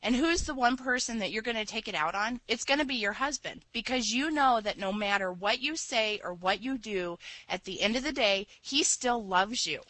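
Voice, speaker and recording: A woman co-hosting a casual chat, quick to agree and laugh along. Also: on the high side, expressive, bright, forceful tone, no echo, low-quality recording. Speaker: co-host.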